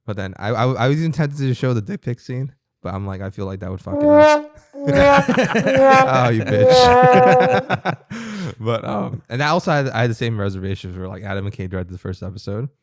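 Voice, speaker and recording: Low-voiced man rambling in casual podcast chat. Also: expressive, racing, hardly any pauses. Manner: rambling, swears freely, many fillers. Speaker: podcast co-host.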